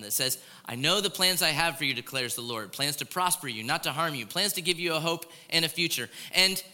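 A man's voice: fairly high pitch, sharp tone. A man preaching a conversational sermon as a pastor, often asking his congregation "right?". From Florida. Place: large church hall. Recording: long hall reverb.

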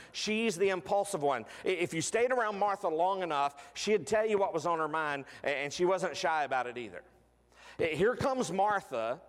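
A man's voice: on the high side, big-room sound. A man preaching a sermon in a conversational way, with frequent fillers and restarts.

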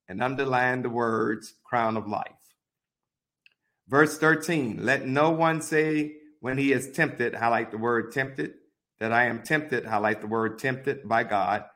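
A man teaching a Bible study, reading verses aloud and pausing to give deliberate, repeated marking instructions. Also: mid-range voice, bright, forceful tone. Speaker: pastor.

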